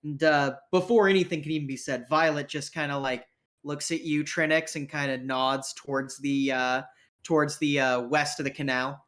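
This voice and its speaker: A man's voice: on the high side, steady tone, moderate pace, a bit bright. A man narrating as game master for a tabletop game, casual with many fillers.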